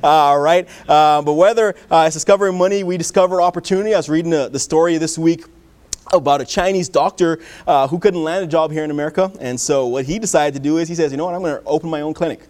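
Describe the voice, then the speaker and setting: A man's voice: a little high, quick pace, a little mellow. A male pastor preaching a sermon in a church, telling folksy stories with many fillers.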